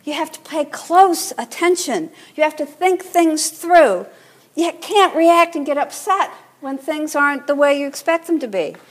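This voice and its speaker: A woman priest giving a sermon in a relaxed, conversational teaching manner, drawing the congregation in to repeat words. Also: high voice, a little slow.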